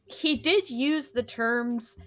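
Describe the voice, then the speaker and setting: Giggly woman player with lively pitch. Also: slow. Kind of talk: casual chat commenting on the game.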